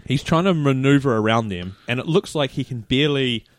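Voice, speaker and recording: A man's voice: mid-range voice, fairly quick, dry recording. New Zealand man telling stories animatedly. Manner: animated storyteller, quoting people in raised voices. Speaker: podcast co-host. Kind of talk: casual chat, storytelling.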